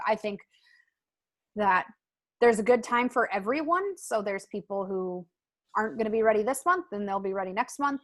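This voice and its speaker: A woman's voice: mid-range voice, fairly bright tone. A young adult woman hosting a casual motivational team call, chatty and full of fillers. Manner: chatty, lots of "like" and "um". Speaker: team call host and coach.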